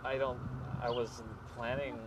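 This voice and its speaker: A young man, a film student, talking in halting, flustered bursts in an improvised mockumentary scene. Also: mid-range voice, little pitch movement, heavy background noise. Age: young adult. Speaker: film student filming his own life.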